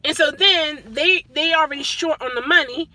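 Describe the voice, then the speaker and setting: Animated bright-voiced woman driver. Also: sits high, normal speed, no room sound. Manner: animated, mimics passengers, laughs often. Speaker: rideshare driver vlogger. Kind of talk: casual vlog rant.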